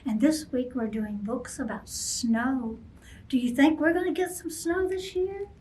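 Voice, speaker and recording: A woman, a children's librarian, reading a picture book aloud at bedtime, gentle and expressive, asking the kids questions. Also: high voice, unhurried, a little hiss or hum. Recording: voice from a distance off mic.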